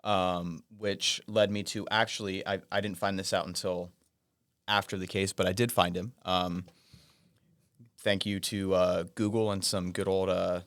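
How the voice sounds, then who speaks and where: A man in his thirties, co-hosting a podcast, speaks in soft-spoken, storytelling chat with joking asides. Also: deep voice, level tone, unhurried, dry recording, studio quality. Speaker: podcast co-host. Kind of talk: casual chat.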